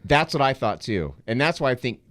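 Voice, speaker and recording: A man's voice: medium pitch, sing-song, brisk, fairly bright tone, dry recording. A man co-hosting a casual movie podcast, reflective and hesitant, repeating words as he thinks. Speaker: podcast co-host. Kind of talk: casual film discussion.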